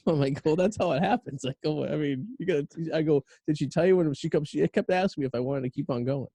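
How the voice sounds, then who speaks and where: A man's voice: on the high side, fast talker, gravelly, dark tone, no echo. A man, co-hosting a podcast and telling a rambling, profane story with bursts of laughter. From Boston area. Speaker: podcast co-host. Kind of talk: casual storytelling chat.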